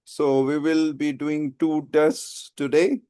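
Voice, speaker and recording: A man leads a lesson in a classroom full of students, pausing to ask them questions. His voice sits a little high for a man. The sound is dry, with little room echo. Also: little pitch movement, mellow, smooth. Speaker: IELTS teacher. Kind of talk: live classroom lecture.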